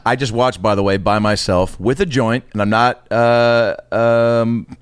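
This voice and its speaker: A man's voice: mid-range voice, steady tone, unhurried, clear, resonant tone, dry recording. A man chatting casually on a comedy podcast, spinning long rambling stories and acting out the voices in them. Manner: rambling storyteller, acts out voices.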